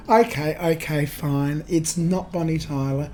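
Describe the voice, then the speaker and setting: A woman gives a casual, chatty voice-over, hoarse and raspy after losing her voice, hesitating with the odd um. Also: deep voice, slow pace, pauses often, background noise. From Australia. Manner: chatty, self-deprecating, hesitant with ums. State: hoarse, nearly lost voice. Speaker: vlogger exploring abandoned houses. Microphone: voice-over recorded separately. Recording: voice-over with music bed.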